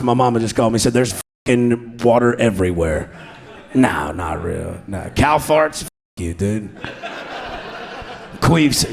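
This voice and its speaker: This time the comedian's voice is mid-range and creaky. Working a handheld mic before a live crowd at a comedy club, he improvises a rowdy, crude stand-up routine and keeps laughing through the punchlines.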